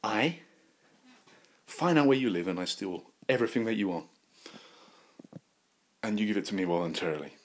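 A man rambling through a crude, joking solo monologue as a podcast host, swinging into loud bursts of mock bravado. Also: fairly low pitch, animated, normal speed, long pauses, slight background noise.

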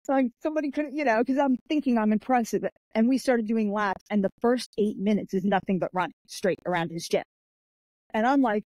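A chatty podcast guest, an author and martial artist, tells stories in a casual interview, acting out everyone she quotes. Her mellow, warm voice sits on the high side and moves briskly, recorded dry and close with no room sound, and she leans heavily on "like" and "I'm like."

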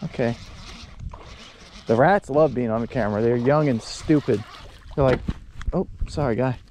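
A man's voice: moderate pace, a little mellow. A man giving joking, casual commentary while fishing from a small boat on shallow marsh water. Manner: joking, talks to fish in a silly high voice. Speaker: fishing vlogger. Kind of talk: casual outdoor vlog commentary. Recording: wind and water noise outdoors.

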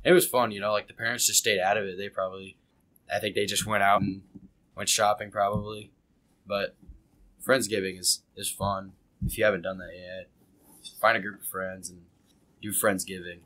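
A man's voice: lowish voice, flat delivery, normal speed, pushed and bright, no room sound. A teenage boy chatting casually as a podcast guest, rambling with lots of "you know". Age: teens. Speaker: guest, wrestler and football player. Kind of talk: casual chat.

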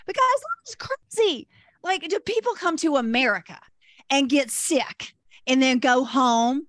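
Lively older woman doing stand-up. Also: high-pitched, unhurried, dry recording, studio quality. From Texas. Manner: lively, self-deprecating, puts on voices for quoted people. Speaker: stand-up comedian. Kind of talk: stand-up comedy set.

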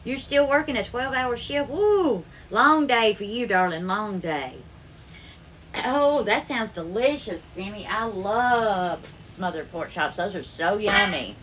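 A woman's voice: mid-range voice, expressive, a little slow, fairly bright tone, a little hiss or hum. A woman from Alabama with a Southern accent hosts a casual live cooking stream from her home kitchen, greeting viewers by name and calling them darling. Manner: effusive, calls viewers darling, bubbly sing-song greetings. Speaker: home cooking livestream host.

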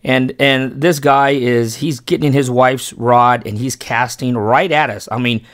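Talking a little slowly in a mid-range voice with fairly even intonation, a fishing channel host and father loosely narrates a vlog about a fishing day with his son. He keeps restarting and correcting himself, earnest throughout and emphatic in praising his son. The clean studio recording has no echo.

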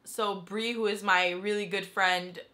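A young adult woman telling a story in a casual, animated vlog style, saying "like" constantly. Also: medium pitch, a little slow. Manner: chatty and animated, heavy use of "like". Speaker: vlogger.

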